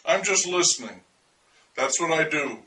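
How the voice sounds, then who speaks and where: An actor playing an earnest, eccentric man devoted to listening for alien life, confiding in a wry, deliberate monologue. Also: fairly high pitch, expressive, pushed and bright, distant mic, slight background noise, rough recording.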